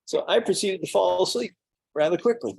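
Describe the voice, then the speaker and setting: A man's voice: sits high, a little fast, vocal fry, darkish tone, breathy edge. A middle-aged man, a mead maker, telling rambling anecdotes in a casual way at a tasting. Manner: rambling anecdotes with fillers and restarts. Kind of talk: casual storytelling during a tasting.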